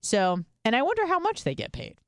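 A woman's voice: fairly high pitch, huge pitch swings, fairly quick, dry recording, studio quality. A woman co-hosting a podcast, telling stories in casual chat and swearing freely. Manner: chatty storytelling, swears freely. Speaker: podcast co-host.

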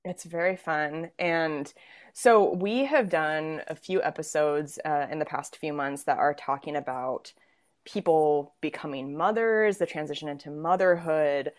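A young woman hosting a podcast interview in casual chat, enthusiastic and quick to laugh. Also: sits low. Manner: lively, laughs often, enthusiastic. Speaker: podcast host.

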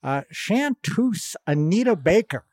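A man's voice: sits high, big pitch swings, a little mellow, exaggerated voice. A man doing a goofy late-night host. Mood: wry. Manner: slow, self-mocking.

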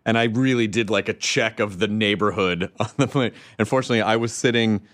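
A man from the American South hosting a casual interview, animated and playful. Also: on the low side, brisk, dry recording. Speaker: host. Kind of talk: casual chat.

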